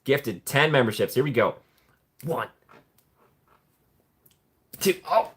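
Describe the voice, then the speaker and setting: A man's voice: slow, husky. Playful man hosting a live stream. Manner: playful and jokey, often laughing, with sudden excited jumps in pitch. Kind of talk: casual live stream chat, reading viewer comments.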